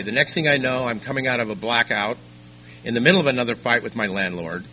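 A man's voice: medium pitch, sharp tone, a little hiss or hum, poor audio. Older man telling his recovery story. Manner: halting storytelling with repeated restarts. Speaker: recovery meeting speaker. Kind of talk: personal testimony talk. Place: meeting room.

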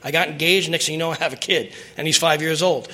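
A man's voice: a little high, fairly even intonation, fast talker, a crowd in the background. A middle-aged man telling his personal recovery story at a meeting, earnest and emotional, rambling with restarts.

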